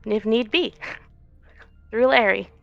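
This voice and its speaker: A woman's voice: on the high side, slow pace, creaky, dry recording, soft background music. A woman playing a tabletop role-playing game, brash, sweary and playful. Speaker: player. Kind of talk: casual tabletop game chat. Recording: dull lo-fi stream mic.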